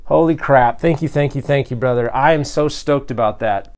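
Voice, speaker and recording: A man hosting a toy collecting vlog, unboxing custom figures with loud, gushing excitement and frequent exclamations. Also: mid-range voice, moderate pace. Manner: breathless from excitement.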